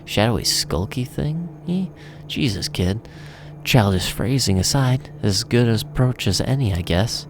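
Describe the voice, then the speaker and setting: A man reading aloud as a streetwise, gravelly male vampire with a low, heavy voice. He is blunt and sardonic, and he needles whoever he talks to. It is his own voice read from a game, with a faint hiss under it. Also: measured pace. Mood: gruff, sardonic.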